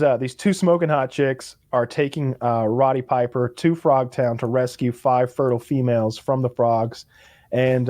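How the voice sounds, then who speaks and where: A man's voice: medium pitch, no room sound. A man co-hosting a podcast, casually retelling a movie and acting out its characters. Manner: animated storytelling, acts out characters. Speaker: podcast co-host. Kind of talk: casual chat.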